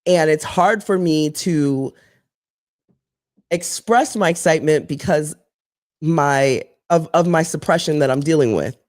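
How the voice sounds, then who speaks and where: A woman's voice: low voice, unhurried, dry recording, studio quality. A woman co-hosting a live show, talking in a rambling, candid way and swearing freely. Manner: animated storyteller who acts out voices. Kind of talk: casual live-show chat.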